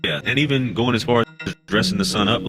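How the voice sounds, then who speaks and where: Deep-voiced man over loud guitar. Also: fast talker. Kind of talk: casual commentary.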